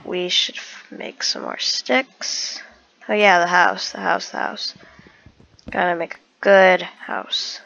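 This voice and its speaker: Slow, gravelly woman narrating her gameplay. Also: fairly low pitch, little pitch movement, fairly bright tone. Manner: talks to herself about each step of the game. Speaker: gamer narrating her own play. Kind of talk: casual let's-play commentary. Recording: dull lo-fi recording.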